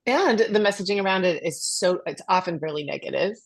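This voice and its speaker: Deep-voiced woman musing reflectively. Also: fairly quick. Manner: reflective, hedging with "like" and "you know". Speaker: podcast co-host. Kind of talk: casual interview chat.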